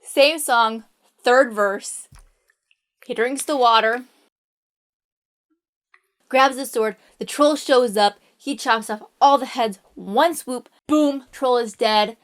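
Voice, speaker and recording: Playful storyteller, casual retelling with wry asides; woman, high voice. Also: slow, long pauses. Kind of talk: casual fairy tale retelling.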